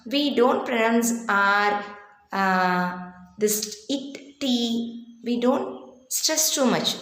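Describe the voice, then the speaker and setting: A woman's voice: a little high, slow, fairly bright tone, reverberant. A woman with an Indian English accent teaching a phonics lesson to children, sounding out each letter before saying the whole word. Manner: sounds out letters one by one, then says the word.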